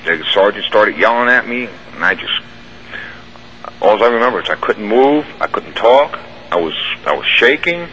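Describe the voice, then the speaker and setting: A man's voice: lowish voice, lively intonation, normal speed, bright, forceful tone, a little hiss or hum, low-quality recording. A man, a radio show guest, recounting a strange personal experience in a rambling, vivid way with restarts.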